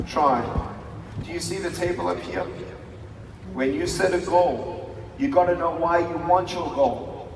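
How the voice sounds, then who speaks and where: A man in his thirties giving an emphatic motivational speech to a live audience, calling for responses and shouting key lines. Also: a little high. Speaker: motivational speaker. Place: large hall with a live audience. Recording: echoey hall, distant mic, crowd noise.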